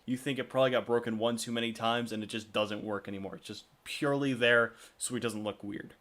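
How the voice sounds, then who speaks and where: A man as game master narrating a tabletop game in a casual, halting way. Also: mid-range voice, steady tone, a bit bright.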